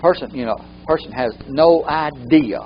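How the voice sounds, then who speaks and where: A man's voice: a little high, normal speed, muffled recording, slight background noise. A man teaching a live training workshop, often repeating key phrases for emphasis.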